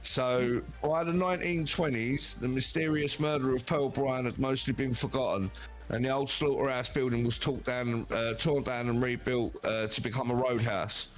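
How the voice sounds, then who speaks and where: A man hosting a podcast, reading a horror story off his prompts with frequent "uh" pauses. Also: medium pitch, fairly even intonation, faint music behind. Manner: halting, many "uh" fillers.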